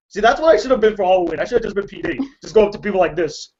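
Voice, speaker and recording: A man's voice: high voice, lively intonation, racing, darkish tone, muffled recording. A man hosting a casual movie debate, playful and argumentative, laughing often. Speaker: host.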